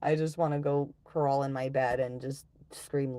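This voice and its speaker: A woman's voice: extremely low pitch, steady tone, unhurried, warm tone, no echo. A middle-aged woman chatting casually on a live stream, ranting, sighing and swearing as she talks.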